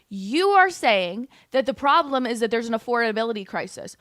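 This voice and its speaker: A woman's voice: a little high, expressive, a little fast, few pauses, bright, forceful tone, dry recording, studio quality. A young woman hosting a livestream, reacting to clips with blunt, heated, sarcastic commentary. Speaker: political commentary host.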